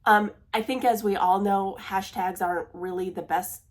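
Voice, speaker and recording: A woman's voice: medium pitch, steady tone, moderate pace. A woman chatting casually in a cross-stitch vlog, laughing at herself, apologizing often, and dropping to a near-whisper when she fumbles. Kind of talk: casual chat.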